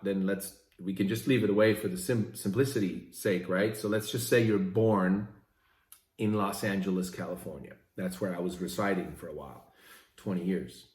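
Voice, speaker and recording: A man's voice: fairly low pitch, a little mellow. Swiss-born man vlogging in a roomy space. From Switzerland. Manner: conversational, often asks "right?". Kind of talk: casual motivational talk to camera.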